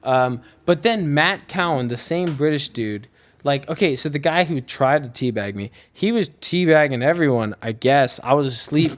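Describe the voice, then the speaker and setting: A man in his twenties telling a story in casual podcast chat, excited and swearing, often breaking into laughter. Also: on the high side, normal speed.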